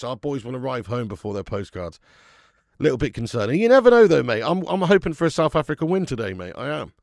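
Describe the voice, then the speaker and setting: Gravelly chatty man. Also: mid-range voice, darkish tone, no echo, clean studio sound. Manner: chatty, swears, laughs, greets chat viewers. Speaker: watch-along host. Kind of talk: live football watch-along commentary.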